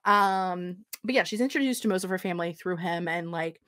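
A woman's voice: fairly low pitch, brisk, a bit bright, dry recording, studio quality. A woman book vlogger recommending books to camera in a casual, enthusiastic chat full of swearing. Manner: enthusiastic, profane, chatty.

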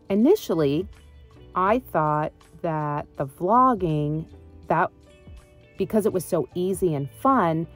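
A woman vlogging in a casual, chatty way, thinking aloud as she goes. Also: sits low. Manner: chatty, thinks aloud, drops to a whisper at times. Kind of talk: casual vlog chat. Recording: echoey room with music behind.

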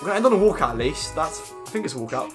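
A man's voice: on the high side, sing-song, racing. A young man with an English accent chatting his way through a football game pack opening, rambling with lots of fillers. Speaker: gaming YouTuber. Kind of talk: casual gaming commentary. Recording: music playing behind.

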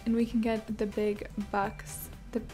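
A woman's voice: medium pitch, level tone, unhurried, dark tone, faint music behind. A woman hosting a casual gameplay video, rambling cheerfully and amusing herself as she plays, into a desktop microphone. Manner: rambling, bubbly, self-amused. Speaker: gaming channel host. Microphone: desktop USB microphone.

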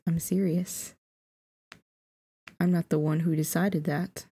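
A woman's voice: on the low side, flat delivery, takes it slowly, dark tone, breathy edge, full character voice. A woman reading as a smug bossy young boy.

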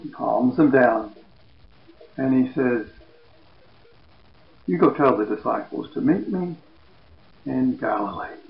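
A man retells a Bible story as a lesson, with a gravelly edge to his voice. He keeps a plain storytelling tone and drops softer for quoted lines. The sound is dull and lo-fi, with a roomy echo around him. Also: mid-range voice, animated, takes it slowly, pauses often. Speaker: Bible teacher. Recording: echoey, dull lo-fi room.

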